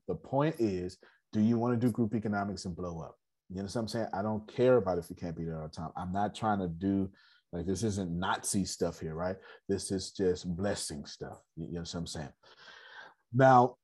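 Husky-voiced man hosting a business talk. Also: lowish voice, darkish tone. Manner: repetitive, often checks if listeners understand. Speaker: host of an online business meeting. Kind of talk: casual motivational talk to a group.

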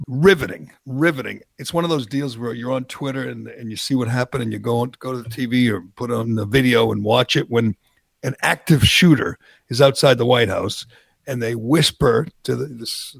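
A male talk radio co-host with a gravelly, fry-tinged voice at a middle pitch. He riffs sarcastically and restarts his sentences often. His voice sounds dry and close to the mic. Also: no echo. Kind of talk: political talk show banter.

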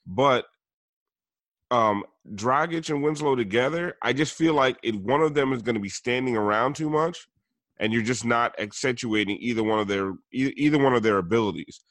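A man co-hosting a sports podcast, talking hesitantly and pausing often with ums and uhs. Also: medium pitch, fairly bright tone, dry recording. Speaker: podcast co-host. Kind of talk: casual sports chat.

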